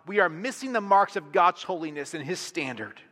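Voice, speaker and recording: A man's voice: sits high, lively intonation, fairly quick, bright, forceful tone. A man, a pastor, preaching a sermon in a conversational way with rhetorical questions, in a church sanctuary. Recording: long reverb of a large hall.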